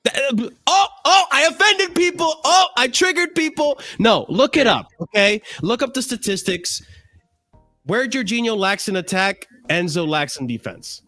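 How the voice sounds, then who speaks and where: A man's voice: extremely high pitch, lively intonation, normal speed, bright, forceful tone, faint music behind. A man co-hosting a fan livestream, ranting in a profane, heated way and saying he is cranky from too little sleep. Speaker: livestream co-host.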